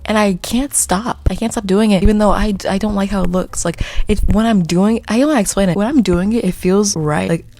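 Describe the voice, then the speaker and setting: A woman's voice: medium pitch, fairly quick, hardly any pauses, mellow. A young woman talking casually to her camera in a vlog, giggling often and drifting off on rambling tangents. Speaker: vlogger. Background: faint background music.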